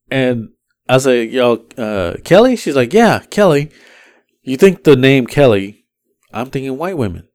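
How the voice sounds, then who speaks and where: A mid-pitched man, chatting casually as a podcast co-host. He tells a rideshare story with animated delivery, popping into higher voices for his passengers. The sound is dry and close. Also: no echo. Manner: animated, acts out passengers' lines in raised voices.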